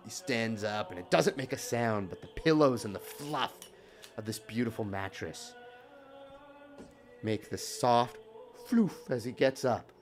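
A man's voice: medium pitch, a little slow, long pauses, soft background music. A man narrating as dungeon master in a tabletop game, in a loose, playful manner.

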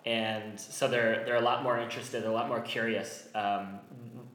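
A man's voice: lowish voice, level tone, moderate pace, fairly bright tone, echoey room, low-quality recording. A man who runs comedy shows, talking through his points in a thoughtful, hesitant way as a guest in a casual chat. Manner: thoughtful, hesitant, laughs often. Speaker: comedy show organizer, guest.

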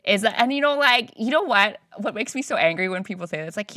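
Bright-voiced woman chatting animatedly. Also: a little high, dry recording, clean studio sound. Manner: animated, laughing, quick asides. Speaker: guest comedian. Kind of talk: casual interview chat.

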